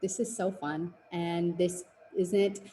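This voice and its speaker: A woman's voice: on the low side, steady tone, slow pace, mellow, roomy sound, slight background noise, rough recording. A woman in her twenties, a fitness business coach, giving an earnest, encouraging webinar presentation. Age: 20s.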